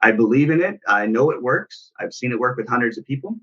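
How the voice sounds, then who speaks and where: Male parenting coach, earnest and reflective, bright forceful voice, lo-fi recording. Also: medium pitch, lively intonation, fast, breathy edge. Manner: earnest, reflective storytelling with restarts. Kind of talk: personal story in casual talk.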